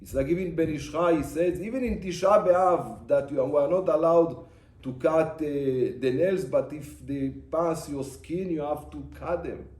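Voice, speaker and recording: A man's voice: a little high, normal speed, darkish tone. A man who is a rabbi, giving an emphatic, repetitive sermon in English and mixing in terms. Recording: echoey room.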